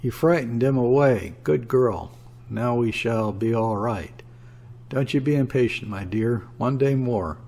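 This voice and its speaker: A man's voice: mid-range voice, steady tone, moderate pace, darkish tone, pitched above the performer's own voice, natural voice. A man voicing a crazed old sea captain who coaxes and chuckles in triumph. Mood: triumphant.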